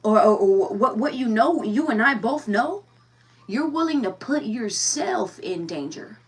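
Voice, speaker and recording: A woman's voice: on the high side, expressive, a little slow, slightly rough, recorded from a distance. A woman giving a casual tarot reading, blunt and profane, firing rhetorical questions and repeating herself. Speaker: tarot reader.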